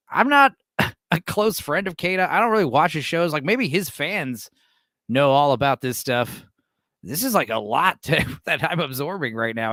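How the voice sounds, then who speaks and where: A man in his late thirties hosting a live stream and reacting with profane, animated commentary. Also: a little high, no echo, clean studio sound. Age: 30s. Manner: animated, profane, laughs often. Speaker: streamer host.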